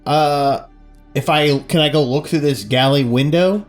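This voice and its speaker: A man's voice: fairly high pitch, measured pace, soft background music. A man playing a ship captain in a tabletop game, casual and hesitant with fillers. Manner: casual, hesitant, playful in character. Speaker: player. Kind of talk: casual tabletop role-play.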